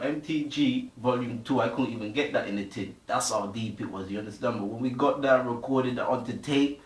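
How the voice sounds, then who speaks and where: A man's voice: lowish voice, gravelly, slight background noise. Young male Bristol MC, slangy street talk and freestyle bars, roomy sound, heard from across the room. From Bristol, England. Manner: slang-heavy, keeps asking "you get me", "innit". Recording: roomy, distant from the mic.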